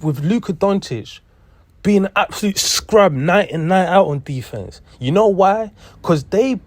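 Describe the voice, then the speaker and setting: A man's voice: on the high side, a little mellow, no echo. A young man, ranting in heated sports commentary, repeating himself and swearing. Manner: heated, repetitive, profane.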